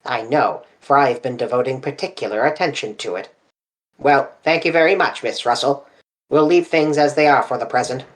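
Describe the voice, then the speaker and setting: A reader voicing a brisk, matter-of-fact male police inspector. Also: medium pitch, lightly acted, rough recording. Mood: businesslike.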